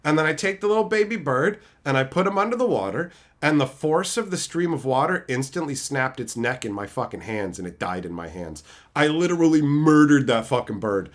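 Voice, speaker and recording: A man streaming, answering his chat and telling stories in a loud, profane, laugh-filled way. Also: a little high, a little fast. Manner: animated, profane storytelling with frequent laughter. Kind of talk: casual livestream chat.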